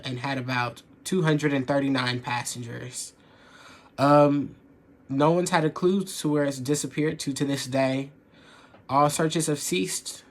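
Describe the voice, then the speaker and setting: A man giving a class presentation in a plain, earnest way. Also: medium pitch. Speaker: student presenter.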